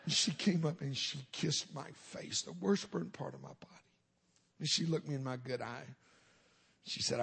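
A man's voice: fairly high pitch, slow, vocal fry, pauses often, husky. A middle-aged man, a minister giving a humorous testimony sermon in a folksy storytelling way with punchlines.

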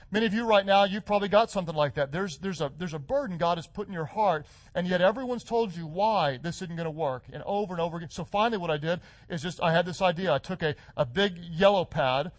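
High-voiced middle-aged male pastor preaching. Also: no room sound. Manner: builds to fervent, rising declarations. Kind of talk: sermon.

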